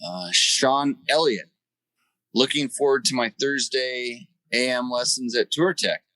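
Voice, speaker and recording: A man's voice: medium pitch, unhurried, bright, forceful tone, dry recording, poor audio. A man hosting a riding-tips show by phone from the roadside, answering viewer questions with a joking, coaching manner. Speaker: host and riding coach calling in. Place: by the side of a road. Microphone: phone call-in.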